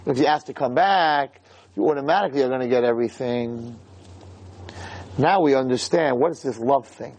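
A man giving a storytelling sermon as a religious lecturer, in a conversational, animated way. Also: medium pitch, normal speed, dry recording.

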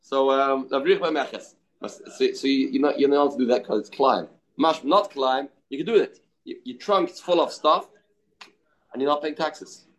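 A man's voice: mid-range voice, normal speed. A man teaching an informal Talmud study class, thinking aloud, answering students, and mixing Hebrew and Aramaic terms into his English.

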